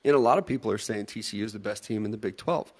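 A man's voice: fairly low pitch, racing, slightly rough. A man co-hosting a podcast, chatting casually about college football bets, teasing and laughing often. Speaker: podcast co-host. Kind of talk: casual sports betting chat.

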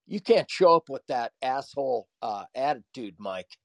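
A man's voice: mid-range voice, animated, normal speed, creaky, no echo. A man calling in to a podcast and arguing with the host. He talks in a casual, slangy way and keeps cutting in. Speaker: caller. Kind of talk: heated call-in argument.

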